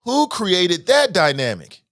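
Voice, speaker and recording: A man hosting a morning talk show, talking to listeners in an animated, preachy, slangy way and swearing freely. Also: high-pitched, slow, no echo, clean studio sound.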